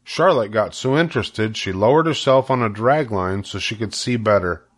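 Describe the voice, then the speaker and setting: A man's voice: on the low side, moderate pace. Grandfatherly man reading a storybook aloud. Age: older. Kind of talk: reading a children's book aloud.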